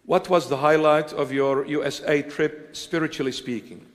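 A man preaching and answering questions before a congregation, halting with many fillers and joking now and then. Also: a little high, steady tone. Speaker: church bishop preaching. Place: church hall with congregation. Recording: long reverb of a large hall.

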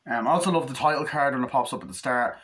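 A man's voice: medium pitch, very fast, fairly bright tone. A man casually reviewing a film, rambling and swearing freely. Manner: rambling, profane, acts out scenes in quoted voices. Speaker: movie reviewer.

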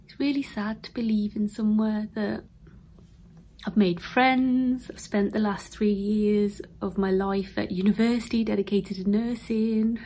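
A woman's voice: mid-range voice, steady tone, unhurried, mellow. A woman in her thirties with an English accent, vlogging emotionally to camera from an emptied room at home, her voice often dropping to a whisper. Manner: emotional, tearful, breaking into whispers. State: teary. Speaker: vlogger, newly qualified nurse. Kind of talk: casual vlog talk to camera.

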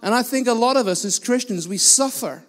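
Male guest preacher, high voice, blunt and self-deprecating, church-hall echo. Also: brisk, a bit bright. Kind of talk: sermon.

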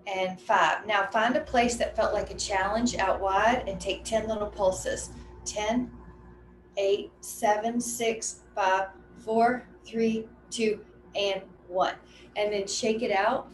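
Woman fitness instructor, middle-aged, mid-pitched, easygoing counts, encouraging cues; echoey room. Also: fairly even intonation. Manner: counting reps aloud with brisk, encouraging cues. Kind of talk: guiding an exercise class. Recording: echoey room with faint ambient noise.

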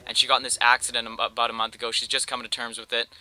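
A man's voice: medium pitch, monotone, racing, bright, forceful tone. A man voicing a grateful middle-aged father who earnestly presses his thanks on someone. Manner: earnest, pleading.

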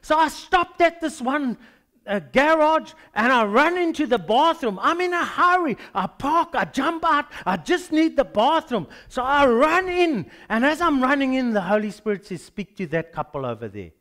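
A man's voice: very high-pitched, moderate pace. A man with a South African accent, a pastor preaching a sermon and telling a story with acted-out dialogue. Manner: animated storytelling, acts out dialogues.

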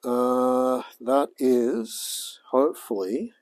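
Slow-talking Australian man in a workshop. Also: mid-range voice, animated, darkish tone. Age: 40s. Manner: easygoing, chatty, talks to himself while he works. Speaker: hobby mechanic streamer. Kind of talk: casual livestream chat while working. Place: home workshop.

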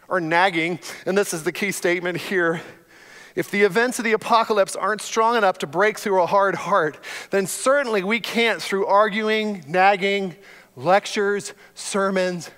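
A male pastor giving a sermon, going from hushed, quiet passages to loud, impassioned appeals. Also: high voice, moderate pace.

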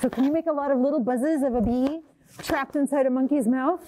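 A woman's voice: high-pitched, moderate pace, a little hiss or hum. A woman librarian leading a children's storytime, reading a picture book aloud and coaxing kids to buzz, roar and act along. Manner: animated, sing-song, coaxing children to join in.

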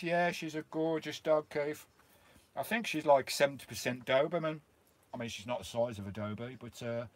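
A chatty middle-aged man from the UK hosts a casual live stream outside his campervan. He talks into a handheld camera, greets each viewer like an old mate, and his voice sits a little on the high side. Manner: chatty and friendly, greets viewers by name, calls them mate. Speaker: vlogger hosting a live stream.

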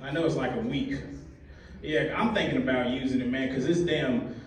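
A man's voice: medium pitch, normal speed, a little hiss or hum. A man hosting a comedy show, doing loose, rambling crowd work and teasing the audience. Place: comedy club with live audience. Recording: roomy echo, distant mic, crowd laughter.

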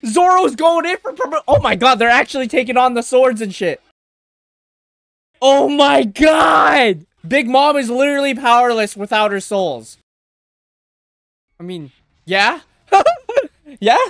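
A man reacting live to an anime episode, excitable and exclaiming, swearing in casual slang. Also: extremely high pitch, normal speed, no room sound, studio quality.

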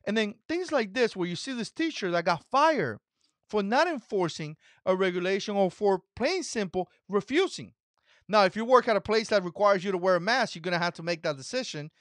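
A man's voice: sits high, very animated, fairly quick, dry recording. A man whose first language is not English, hosting an opinion commentary vlog in an emphatic, mocking way that repeats its points. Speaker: channel host.

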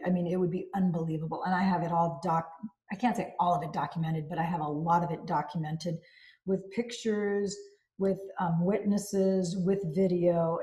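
Brief: female book reviewer, warm, effusive, reading then chatting, roomy reverb. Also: fairly low pitch. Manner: effusive, expressive. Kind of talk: reading aloud and casual commentary. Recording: roomy echo.

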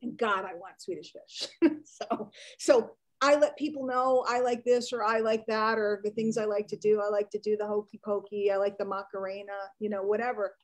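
A woman business coach, giving a chatty, animated live online training. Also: mid-range voice, moderate pace, poor audio.

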